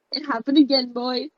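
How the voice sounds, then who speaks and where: A woman jokes around between takes, giggly and poking fun at herself. Her voice is a bit high. The sound is dull and very dry, like a cheap home mic. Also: sharp tone, dry recording. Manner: giggly, self-mocking. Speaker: voice actor. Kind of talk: casual chat between takes.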